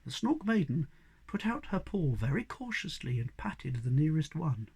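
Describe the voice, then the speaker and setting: A reader giving an expressive storybook reading aloud. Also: medium pitch, normal speed, gravelly, breathy edge. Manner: expressive, varied delivery.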